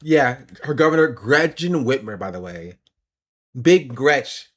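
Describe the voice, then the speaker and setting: A man's voice: medium pitch, lively intonation, measured pace. A man streamer giving opinionated, explanatory political commentary.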